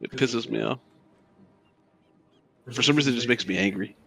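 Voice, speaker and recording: A man's voice: mid-range voice, normal speed, gravelly, a bit bright. A man playing a tabletop role-playing game, joking around and swearing casually. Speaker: player.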